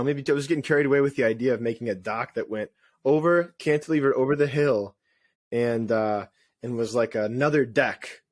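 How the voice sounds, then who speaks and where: A man co-hosting a casual podcast, telling rambling, self-deprecating stories in an animated way. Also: medium pitch, no echo. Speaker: podcast co-host. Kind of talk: casual chat.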